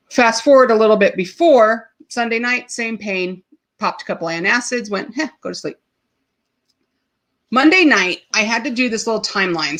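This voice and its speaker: A woman hosting a live podcast tells a personal story openly and emotionally, with many ums and restarts. At times she chokes up and tears up. Her voice is mid-range with a sharp tone.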